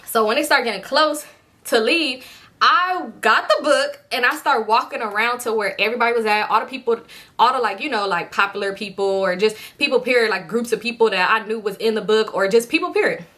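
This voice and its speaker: Young woman, bright, slightly high voice, casual animated storytime, frequent cursing. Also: fairly quick. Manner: animated, profane, acts out quotes. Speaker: storytime vlogger.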